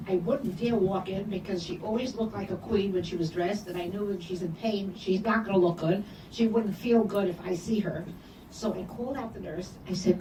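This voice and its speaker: An older woman telling personal memories to an audience, animated, acting out the voices in her quoted dialogue. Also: a little high. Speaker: speaker sharing memories. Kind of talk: personal storytelling talk. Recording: echoey room from far off, noisy.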